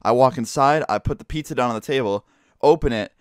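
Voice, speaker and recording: A man's voice: medium pitch, quick pace, smooth, dry recording, studio quality. A teenage boy telling a casual storytime, rambling and profane, full of fillers. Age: teens.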